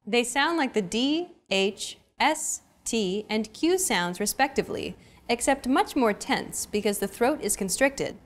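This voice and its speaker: A woman's voice: on the high side, lively intonation, unhurried. A young adult woman hosting a language lesson, with a scripted, upbeat coaching delivery.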